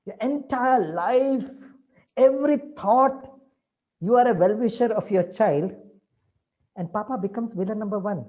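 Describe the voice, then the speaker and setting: A middle-aged man with an Indian accent giving a motivational talk, telling stories dramatically and swinging between loud and soft. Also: high-pitched, a little slow, pauses often. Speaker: motivational speaker.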